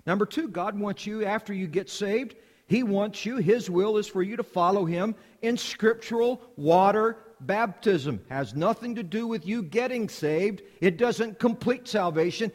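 A man's voice: high voice, unhurried, long reverb tail. A man from the United States preaching a sermon as a missionary, with an emphatic, repetitive cadence.

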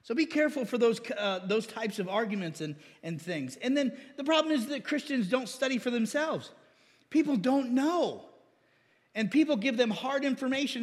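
A man preaching a sermon, animated, with laughs and mocking impressions of critics. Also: very high-pitched, normal speed, in a large hall. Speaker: pastor.

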